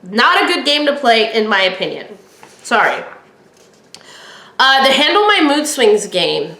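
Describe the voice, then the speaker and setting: Bright-voiced chatty woman podcaster. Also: fairly high pitch, very animated, a little slow, echoey room. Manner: chatty, opinionated, acts out quoted dialogue. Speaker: podcast host. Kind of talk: casual solo podcast talk.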